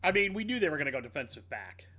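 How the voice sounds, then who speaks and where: Lively bright-voiced man joking about sports. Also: a little high. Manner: lively, joking, quick to laugh. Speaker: podcast co-host. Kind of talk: casual sports chat.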